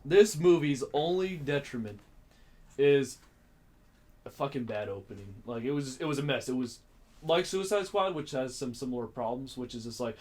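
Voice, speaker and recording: Excitable, swearing young man on a podcast. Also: medium pitch, normal speed. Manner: excitable, profane, acts out scenes with loud outbursts. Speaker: podcast co-host. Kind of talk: casual film chat.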